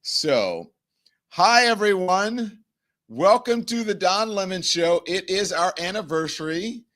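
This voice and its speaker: Speaking slowly in a high, fairly bright voice with lively intonation, a man hosts his own live-stream show. He chats casually, laughs easily and reads viewer comments, apparently from an apartment home studio.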